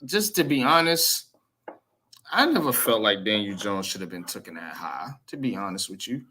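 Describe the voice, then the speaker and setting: A man's voice: on the low side, very animated, normal speed, bright, forceful tone, breathy edge. A man hosting a casual sports chat, blunt and profane, repeating "man" as he talks.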